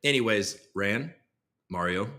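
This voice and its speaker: A young man hosting a casual livestream, rambling and sarcastic, jumping from loud bursts to low muttered asides. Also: lively intonation, unhurried. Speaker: host.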